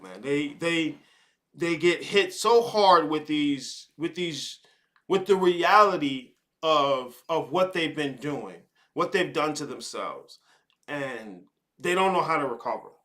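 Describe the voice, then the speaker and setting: A young man hosts a live advice show in a casual, profane monologue. His voice sits high and bright. He is blunt and mocking and keeps slipping into quick impressions of the people he criticizes. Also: lively intonation. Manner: blunt, swearing, mocking, mimics others in quick asides.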